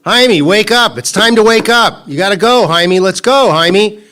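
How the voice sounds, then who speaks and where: A man voicing an exasperated father who keeps shouting at his son to get out of bed. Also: mid-range voice, very animated, unhurried. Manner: shouting, insistent, repeats the name.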